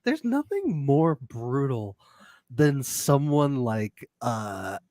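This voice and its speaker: A young man co-hosts a loose recap chat, laughing a lot and trading sarcastic jokes. His voice sits in a middle pitch. It is recorded close and dry, with no room sound. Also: big pitch swings, drawn-out words, warm tone, dry recording. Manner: laughs often, jokey and sarcastic. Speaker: podcast co-host.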